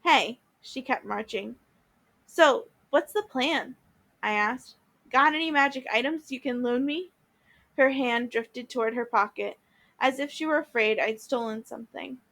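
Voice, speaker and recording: A woman's voice: on the high side, measured pace, vocal fry, a bit bright. Woman reading a story aloud. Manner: reads with small restarts and repeats. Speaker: teacher reading a novel aloud.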